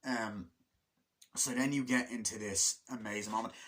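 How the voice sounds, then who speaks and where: A man's voice: fairly low pitch, steady tone, moderate pace, fairly bright tone. A young man reviewing a movie in a rambling, casual way, swearing often and acting out lines in put-on voices.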